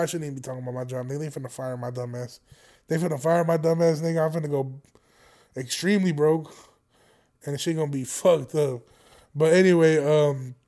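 A young vlogger with a voice on the high side and a little mellow tells his viewers a casual, rambling story. He swears freely and laughs often between jokes.

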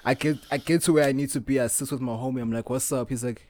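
A young man co-hosting a podcast, telling stories in casual chat and acting out what people said, often breaking into loud laughter. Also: mid-range voice, fast, few pauses, no echo. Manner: animated storyteller, acts out quotes, laughs loudly. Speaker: podcast co-host.

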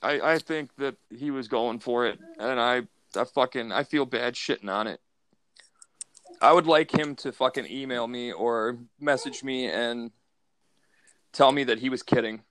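A man's voice: medium pitch, normal speed, a bit bright, clear, resonant tone, dry recording. A man co-hosting a podcast, ranting with exasperation and plenty of swearing while reviewing a movie. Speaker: podcast co-host. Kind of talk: casual movie review chat.

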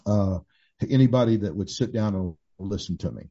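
Older man, pastor, very dark tone, husky voice, lowish pitch, candid storytelling, dull lo-fi recording. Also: normal speed. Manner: candid storytelling with many restarts and fillers. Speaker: pastor and author. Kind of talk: conversational testimony. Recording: dull lo-fi sound.

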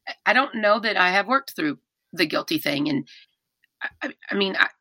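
On a podcast, a middle-aged woman speaks candidly and animatedly about hard personal matters, often restarting her sentences in this emotional conversation. Her voice is medium-pitched at a moderate pace, with no room sound.

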